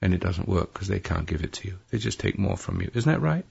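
An older male radio host with a very gravelly, husky voice rambles through spiritual advice to a caller. He talks in a preachy way and keeps correcting himself. The broadcast sounds dull and lo-fi. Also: low-pitched, animated, fast talker, darkish tone. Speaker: radio talk show host. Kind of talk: advice to a caller on a call-in show.

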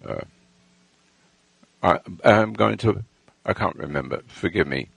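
Slow, gravelly man telling a boastful tale. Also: low voice, lively intonation, dry recording, poor audio. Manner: halting, with restarts and lost threads; boastful, self-assured storytelling. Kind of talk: rambling personal anecdote.

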